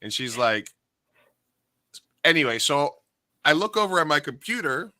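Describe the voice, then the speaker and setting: A man co-hosting a casual podcast, telling an animated story and acting out the voices of the people in it. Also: a little high, normal speed, dry recording. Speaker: podcast co-host and karaoke host.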